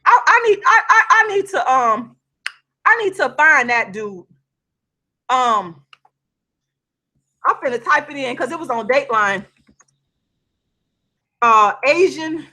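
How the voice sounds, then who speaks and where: Woman vlogger, high lively voice, fiery commentary, cursing, video call. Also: takes it slowly, long pauses. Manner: heated, swearing, yelling, apologetic asides. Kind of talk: impassioned commentary.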